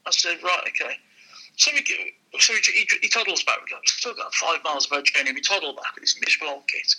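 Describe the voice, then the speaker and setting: A man's voice: sits high, fast, breathy edge, poor audio. A man, a used car dealer, telling a casual anecdote and acting out the people in it. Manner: lively, acts out the people in his stories.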